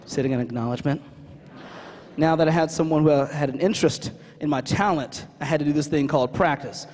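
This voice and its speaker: Man, motivational speaker, high voice, long hall reverb, animated storytelling. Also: brisk. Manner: animated, acts out dialogue, calls on the audience. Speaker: keynote speaker. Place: large conference hall.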